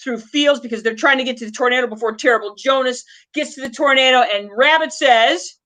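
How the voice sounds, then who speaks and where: A woman's voice: high voice, a little fast, fairly bright tone. A woman co-hosting a casual podcast chat about a movie, talking in a chatty, enthusiastic, rambling way. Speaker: co-host.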